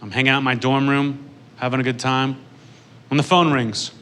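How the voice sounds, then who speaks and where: A young adult man tells a long stand-up story in a deadpan, dry way. His voice is bright and sits at an ordinary pitch. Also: moderate pace, clean tone. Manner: deadpan, dry delivery building to punchlines. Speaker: stand-up comedian.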